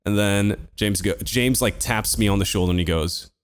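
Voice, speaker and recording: A man's voice: on the low side, moderate pace, clear, resonant tone. A man, podcast co-host, telling a rambling story in casual chat, swearing and laughing often.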